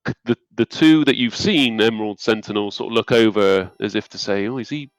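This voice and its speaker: A man's voice: lowish voice, a little fast, dry recording, rough recording. A man narrating as game master, hesitant with many ums.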